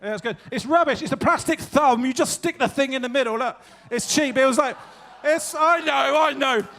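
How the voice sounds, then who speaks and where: A very high-pitched, fairly bright voice at a moderate pace belongs to a man hosting a live evening show. As stage host introducing acts, he trades self-deprecating jokes with the crowd.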